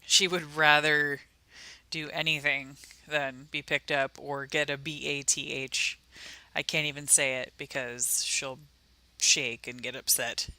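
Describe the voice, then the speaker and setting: A young woman hosting a casual livestream, chatty and talking sweetly to her pets. Her voice is bright and forward, sitting a little low. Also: level tone, unhurried, no room sound. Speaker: livestream host.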